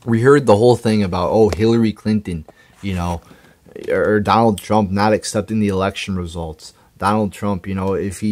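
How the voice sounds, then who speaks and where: Low and darkish in tone, a man's voice rails indignantly about politics. He's a political commentator whose furious rant is full of profanity, stammering and false starts.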